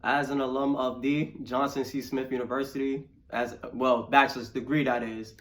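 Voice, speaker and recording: A young man with a New York accent hosting a casual interview show, relaxed and slangy, rambling a bit between thoughts. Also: medium pitch, moderate pace. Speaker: podcast host.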